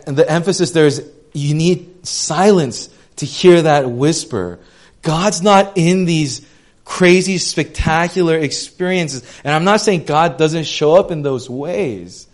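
A young man preaching a sermon in a conversational way, getting loud and animated when he retells a story, then dropping to a soft hush when he reflects. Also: fairly high pitch, measured pace.

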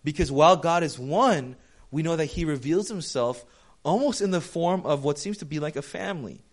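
A man preaching to a congregation in a relaxed, storytelling way, acting out the back-and-forth of conversations with a friend. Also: on the high side, normal speed. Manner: casual, storytelling, acts out dialogue. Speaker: pastor. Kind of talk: sermon.

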